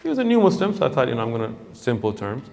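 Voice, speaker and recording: A man, an Islamic preacher, telling a story in an animated way and acting out the people in it. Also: mid-range voice, very fast, vocal fry. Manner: animated, acts out the voices of the people in his story. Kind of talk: storytelling talk. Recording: long hall reverb.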